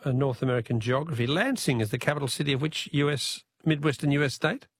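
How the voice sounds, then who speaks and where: Gravelly Australian radio quiz host. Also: male voice, medium pitch. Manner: friendly, unhurried, reads questions slowly.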